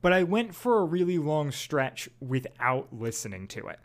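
Male guest on a chat podcast, somewhat high voice, deadpan, halting delivery.

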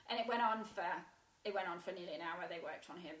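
A woman telling a painful personal story in a halting way, with many restarts and fillers. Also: lowish voice, a bit bright. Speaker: guest sharing a personal story. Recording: roomy echo.

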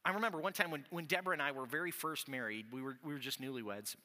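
A man preaching as a pastor, telling stories in a chatty, animated way full of "like" fillers, in a church. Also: a little high, very fast. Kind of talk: conversational sermon with storytelling. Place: church sanctuary. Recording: long reverb of a church hall.

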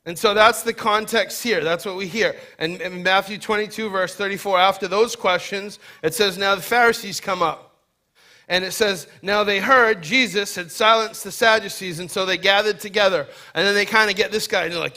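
A man preaching a sermon, emphatic, moving between loud urgent stress and quiet low passages, and acting out quoted voices in a casual way. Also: normal speed. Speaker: pastor.

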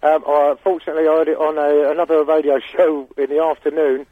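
A man's voice: fairly high pitch, flat delivery, fast talker, no room sound. A man calling a radio phone-in, jokey and laconic, over a muffled phone line. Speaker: caller, ice cream man. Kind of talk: phone-in call.

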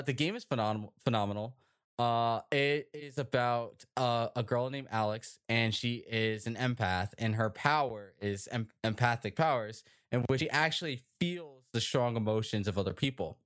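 A man hosting a casual group chat show, talking in an animated, rambling way with many fillers and tag questions. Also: mid-range voice. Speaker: podcast host.

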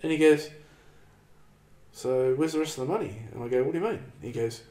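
A man with an Australian accent spins a rambling, sweary story in loose conversation, filling his talk with "man" and "like". His voice sits at an ordinary pitch. The recording has a noticeable roomy echo. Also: fairly quick, warm tone. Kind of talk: casual storytelling chat.

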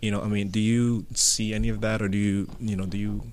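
A man's voice: lowish voice, flat delivery, darkish tone. A man hosting a casual panel chat, talking in a loose way with plenty of fillers. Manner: quick, loose talk with many fillers.

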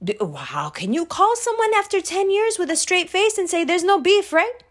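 A woman with a high voice tells a personal story in loose, casual chat. She talks in slangy, profane bursts with quick asides. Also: wildly swooping pitch.

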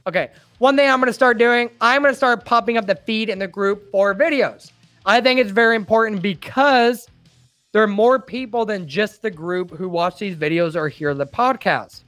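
High-voiced chatty man on a live stream. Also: a bit bright, smooth, no room sound. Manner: rambling and chatty, with laughs and restarts. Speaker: host and admin of a trucking group. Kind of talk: casual live stream chat, reading viewer comments. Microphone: desktop microphone.

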